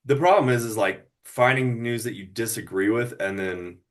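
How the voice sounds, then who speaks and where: A man co-hosting a political podcast, relaxed, laughing and agreeing often in casual chat. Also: medium pitch, moderate pace. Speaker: podcast co-host.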